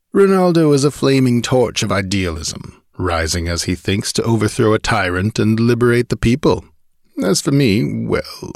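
A man's voice: low voice, no room sound, clean studio sound. A man reading an audiobook, voicing a cold, ambitious outlaw who sneers and gives orders. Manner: sneering, imperious threats. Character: scheming ambitious male outlaw noble, cold and commanding.

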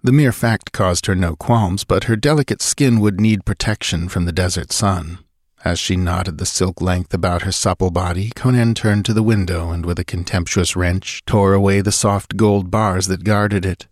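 A man reading an adventure story aloud in a steady, measured narration. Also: deep voice, no echo, clean studio sound. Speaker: audiobook narrator. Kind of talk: scripted narration.

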